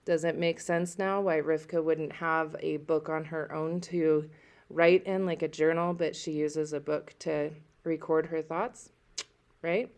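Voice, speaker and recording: A woman teacher reading a novel aloud to students and pausing to discuss it, checking in as she goes. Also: sits low, level tone, darkish tone.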